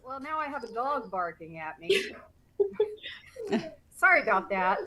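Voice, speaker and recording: A woman's voice: fairly high pitch, very animated, unhurried, crowd noise, rough recording. Middle-aged woman from texas calling in, upbeat, easygoing. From Houston, Texas. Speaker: caller asking a question. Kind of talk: casual chat.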